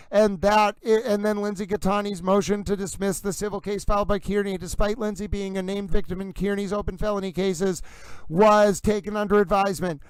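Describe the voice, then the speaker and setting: A man hosting a livestream wrap-up, talking fast and theatrically in ornate, grandiose phrases. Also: sits high, steady tone, clean tone, no echo, poor audio. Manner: fast, theatrical, florid wording with grand flourishes. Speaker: livestream host. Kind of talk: animated livestream wrap-up commentary.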